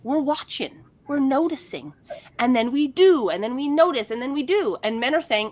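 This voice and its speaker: A woman's voice: sits high, lively intonation, moderate pace, a little mellow. A woman relationship coach talking candidly and animatedly in a casual podcast conversation, laughing often.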